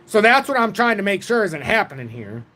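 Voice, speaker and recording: A man in his forties hosting a casual livestream about crypto charts, talking in an excitable, rambling way from home. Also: high voice, a little fast. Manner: rambling, excitable, self-taught trader talk.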